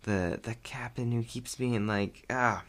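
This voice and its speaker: A young man chatting casually about a movie he loved, rambling and excitable and laughing often. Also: fairly low pitch, normal speed, gravelly. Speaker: vlogger reviewing a movie. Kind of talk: casual chat.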